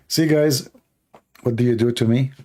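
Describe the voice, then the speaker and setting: A man hosting a debate livestream in non-native English, hoarse and coughing as he argues through rhetorical questions. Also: mid-range voice, warm tone. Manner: argumentative, fires rhetorical questions. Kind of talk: live stream Q&A monologue.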